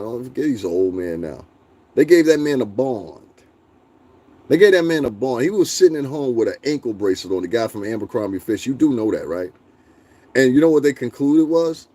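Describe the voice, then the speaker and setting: A man's voice: mid-range voice, big pitch swings, a little fast, dark tone. A young man hosting a casual live stream, talking bluntly and profanely, laughing often and answering his chat. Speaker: livestream host.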